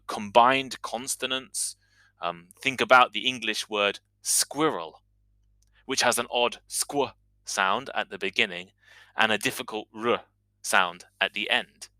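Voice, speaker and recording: A man hosting an English-learning podcast as a teacher, explaining pronunciation clearly and demonstrating sounds in a scripted monologue. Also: mid-range voice, sharp tone, no echo, poor audio.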